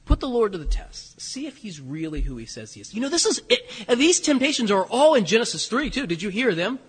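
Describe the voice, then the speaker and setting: Animated preacher man in a reverberant hall. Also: sits high, brisk. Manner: animated, rhetorical questions, voices quoted lines. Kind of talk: sermon.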